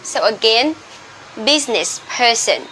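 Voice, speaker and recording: A woman with a bright, sharp voice leads an English vocabulary lesson at a very slow, deliberate pace. She says each word several times so learners can repeat it. Faint room ambience sits behind her. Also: on the high side, expressive, a little hiss or hum, low-quality recording. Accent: South Asian English. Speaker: English teacher.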